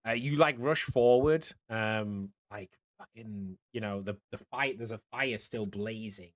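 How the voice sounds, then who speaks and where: A man's voice: lowish voice, measured pace. A man narrating as game master for a tabletop game, talking loosely with lots of fillers and restarts. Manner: rambling, many fillers and restarts.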